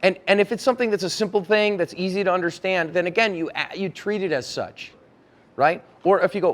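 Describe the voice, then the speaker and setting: Man, self-defense instructor, conference talk, casual, acts out dialogues, slightly high voice. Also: a little fast. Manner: casual, acts out both sides of example conversations. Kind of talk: conference talk with acted role-play. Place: conference room.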